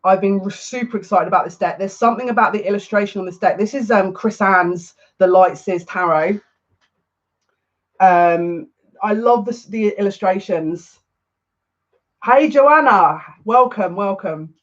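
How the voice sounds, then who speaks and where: Excitable woman reading tarot live. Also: mid-range voice, normal speed, muffled recording. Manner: excitable, gushing, many restarts and fillers. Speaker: psychic tarot reader.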